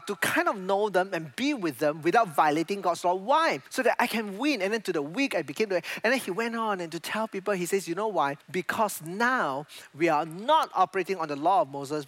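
A man with a high voice delivers a sermon as a pastor. His preaching is animated, and his English has non-native grammar.

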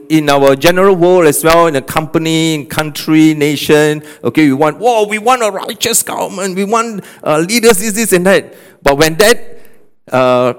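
A male pastor preaching a sermon, animated, often checking in with "okay" and "all right?". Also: on the high side. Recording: long hall reverb.

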